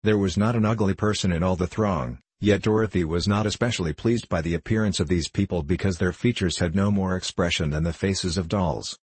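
A man reading a children's storybook aloud in a steady, even voice. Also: low voice, a little fast, hardly any pauses, breathy edge, no echo. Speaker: audiobook narrator. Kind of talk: storybook narration.

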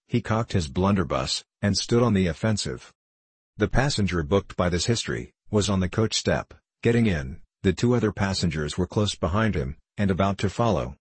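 A man narrating a classic novel as an audiobook reader, in a measured, even storytelling manner. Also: low-pitched, slightly rough, no room sound.

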